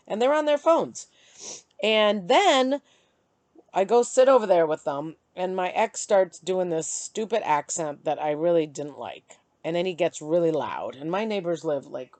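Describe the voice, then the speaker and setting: A middle-aged woman vlogging, chatty and animated as she tells and vents about her day. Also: fairly low pitch, no echo. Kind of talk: casual storytelling to camera.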